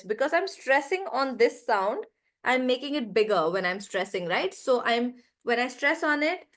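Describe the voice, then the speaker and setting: A woman with a high-sitting, slightly bright voice teaches English pronunciation in an online class. She explains patiently, stretches stressed syllables to demonstrate, calls on students by name, and asks "right?"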